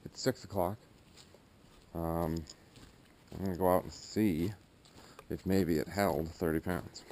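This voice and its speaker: A man talking casually as he works on his home boiler, thinking aloud with fillers and throat clearing. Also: low voice, steady tone, slow pace, darkish tone, a little hiss or hum. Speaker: DIY builder vlogging his project. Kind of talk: casual talk-through while working. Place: garage boiler room, indoors. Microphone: action camera.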